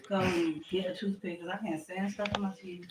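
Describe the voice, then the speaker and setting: A woman's voice: lowish voice, fairly even intonation, brisk, very noisy. A woman, the host's cousin, chatting offhandedly from off camera. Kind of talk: casual chat off camera.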